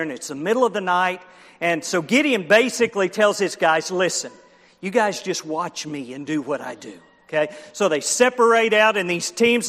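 During a children's sermon, a man tells a lively story, voicing the characters himself and putting questions to the listeners. His voice is high-pitched and fairly bright, and the hall lends it a long reverb.

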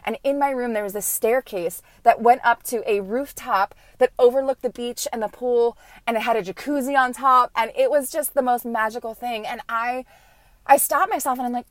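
A woman in her thirties hosts a motivational podcast, coaching her listeners in an earnest, emphatic and encouraging way. Her voice sits a little high, recorded close and dry with no room sound. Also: moderate pace, no echo.

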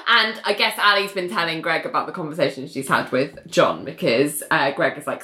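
A woman's voice: deep voice, fairly quick, hardly any pauses. A woman recapping a TV scene in casual chat, acting out the characters' lines in voices. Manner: animated, acts out scenes in voices. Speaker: podcast co-host recapping a TV show. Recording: echoey room.

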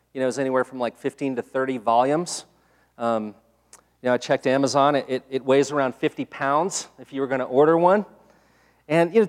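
A male pastor giving a sermon in a conversational style, with many fillers, rising in pitch when he stresses a point. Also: a little mellow. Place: church sanctuary. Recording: long hall reverb.

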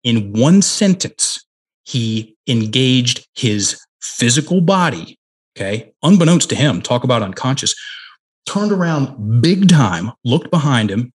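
A middle-aged man, a guest on a podcast, telling a coaching story on a headset mic, emphatic and slowing down to stress key words. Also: mid-range voice, sing-song, husky. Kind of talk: conversational storytelling.

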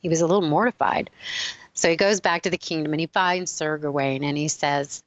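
A woman speaker retells an old legend as a spiritual lesson, shifting lively between characters. Her voice sits low, and the sound is dry and close. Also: dry recording, muffled recording. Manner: animated storyteller, switching quickly between characters. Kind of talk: storytelling talk.

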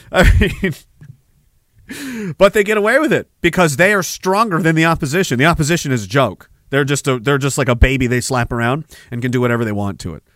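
A man's voice: mid-range voice, moderate pace, long pauses, fairly bright tone, dry recording, studio quality. A man from Canada hosting a podcast, ranting in sarcastic, profane, taunting political commentary. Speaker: podcast host.

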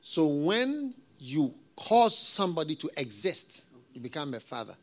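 A middle-aged man preaching a sermon as a pastor, talking in a conversational, repetitive way with folksy proverbs and soft chuckles. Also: fairly high pitch, very animated, measured pace.

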